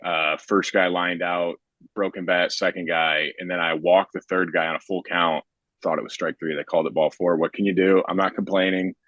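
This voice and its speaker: A young man with a very low, deep voice talks about pitching in a loose, rambling podcast chat. He keeps sliding in filler words. The sound is dry and close, with no room echo. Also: flat delivery, moderate pace, a bit bright, muffled recording. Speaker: professional baseball pitcher.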